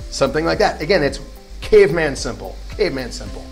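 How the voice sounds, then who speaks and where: A man giving a casual, chatty lesson, repeating words slowly for practice. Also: on the high side, big pitch swings, soft background music. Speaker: language teacher.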